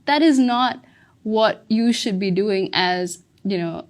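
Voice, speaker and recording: A woman's voice: medium pitch, expressive, slow pace. A woman from Sri Lanka answering a speaking test question, fluent and opinionated. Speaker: test candidate. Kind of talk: spoken exam answer.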